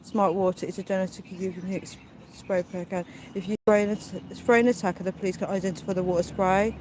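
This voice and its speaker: A woman's voice: mid-range voice, steady tone, fast talker, a little mellow. Young British woman livestreaming on a street. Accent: British English. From United Kingdom. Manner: breathless retelling with many quoted asides. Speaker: livestream vlogger. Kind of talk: casual livestream storytelling. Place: outdoors on a city street at night. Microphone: phone held while walking. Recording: noisy street traffic behind. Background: passing traffic.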